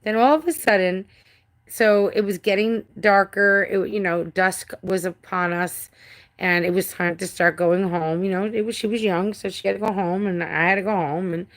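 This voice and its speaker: A woman's voice: mid-range voice, fairly even intonation, moderate pace. A middle-aged woman hosting a casual live stream from home, rambling, restarting sentences and swearing now and then. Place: home with a cat.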